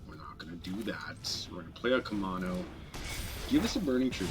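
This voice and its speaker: Low-ish voiced guy streaming a card game, chatty, thinking out loud, bit of music behind. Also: sing-song, moderate pace. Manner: chatty, self-deprecating, thinking aloud. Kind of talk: casual gameplay commentary.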